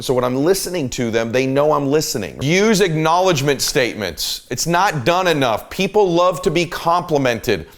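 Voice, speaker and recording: A man's voice: on the high side, expressive, normal speed, hardly any pauses. Emphatic man giving a motivational talk. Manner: emphatic, coaching, shifts volume and pace to illustrate. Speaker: podcast host.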